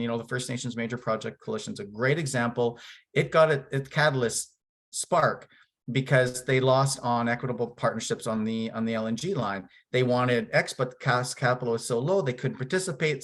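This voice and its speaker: A man's voice: medium pitch, a bit bright. A man from Canada speaking on a panel discussion in a casual, candid way, with many fillers and restarts.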